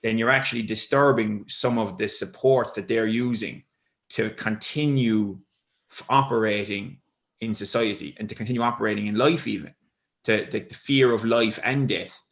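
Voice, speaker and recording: A man with a lowish voice co-hosts a podcast and works through an idea out loud. He is thoughtful and explanatory, and he often restarts his sentences as he builds each point. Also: normal speed. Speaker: podcast co-host. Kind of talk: explanatory conversation.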